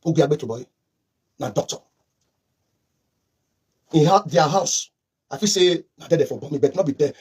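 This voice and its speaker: A man's voice: fairly high pitch, normal speed, pauses often, darkish tone, husky. A man with a Nigerian accent mixing in Pidgin, giving fervent, rambling political commentary with lots of repetition.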